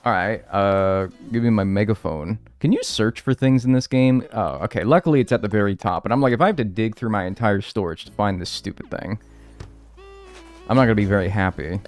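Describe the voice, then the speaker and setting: A man's voice: lowish voice, a little fast, a little mellow, soft background music. A man streaming gameplay live, chatting casually with his viewers, joking and swearing freely. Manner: talks to chat and thanks subscribers. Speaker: game streamer.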